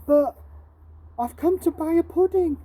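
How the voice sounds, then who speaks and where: A woman voicing a poor, cheeky young street boy in a higher, louder voice than her own. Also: a little slow. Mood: pleading.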